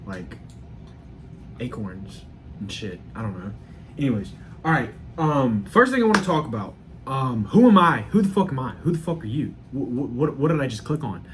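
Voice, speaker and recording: A young man in his early twenties hosting a solo vlog. He rambles in a loose, self-deprecating way and swears without a second thought. A faint hum sits under his voice at a mid pitch. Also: very animated, a little fast, rough recording. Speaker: channel host. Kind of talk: casual solo vlog commentary.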